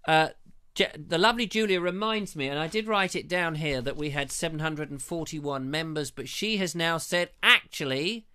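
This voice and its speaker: A man's voice: on the high side, normal speed, bright, forceful tone, clear, resonant tone. A man hosting a live online show on a lavalier mic, reading out viewer comments in a chatty, jokey way. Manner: chatty and jokey, reads comments aloud with quips.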